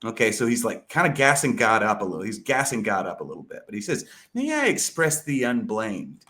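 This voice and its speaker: Low-voiced man rambling casually. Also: big pitch swings, a little fast, sharp tone. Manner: rambling, filler-heavy, lots of "like" and "you know"; casual and profane. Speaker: podcast guest discussing an epic poem. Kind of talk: casual podcast talk.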